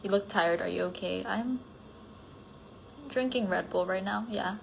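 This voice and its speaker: A woman's voice: mid-range voice, measured pace, vocal fry, a little hiss or hum. A tired woman chatting casually on a livestream, answering fan comments and rambling with lots of filler words. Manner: rambling, many "like" fillers, drifting thoughts; drops to a soft near-whisper at times. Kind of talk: casual chat on a solo phone livestream.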